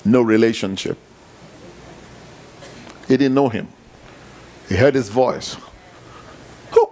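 A man preaching a sermon with repetition and emphasis, dropping to hushed tones and rising to near shouts. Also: medium pitch, slow, a little hiss or hum.

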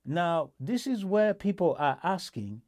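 A man's voice: sits high, sing-song, measured pace, darkish tone. A male host in a casual political discussion, talking with many restarts and fillers.

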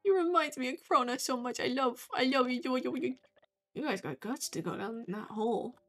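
A young woman streaming a game, talking casually and swearing freely, with loud outbursts at enemies. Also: sits high, moderate pace. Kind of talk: casual gameplay commentary. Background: faint game music.

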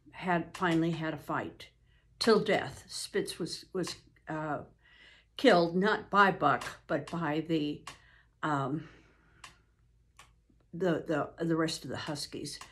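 An older woman, a grandmother, reading a novel aloud in an unhurried way with frequent ums and restarts. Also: fairly low pitch, fairly bright tone, a little hiss or hum.

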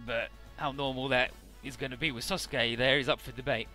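A man's voice: medium pitch, fairly even intonation, fairly quick, bright, forceful tone, soft background music. A man casually recapping a game's story, chatty, with many filler words and the odd swear. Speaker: let's play narrator.

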